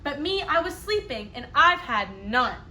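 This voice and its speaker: A woman voicing a big grumpy bear in a picture book read-aloud, loud and complaining. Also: high voice, big pitch swings, unhurried, slight background noise, full character voice. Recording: echoey room.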